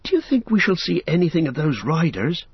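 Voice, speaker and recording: A man voicing a cheerful, chatty young male hobbit in a high, eager, inquisitive voice while reading an audiobook. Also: very animated, normal speed, breathy edge, no room sound, full character voice. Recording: dull, dry recording.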